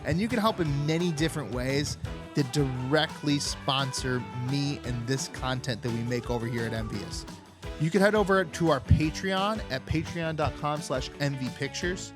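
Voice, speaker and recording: A man's voice: fairly high pitch, normal speed, over music. A young man hosting a political comedy podcast, talking in a rambling, sarcastic way with lots of filler words. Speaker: podcast host. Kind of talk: unfiltered political comedy monologue.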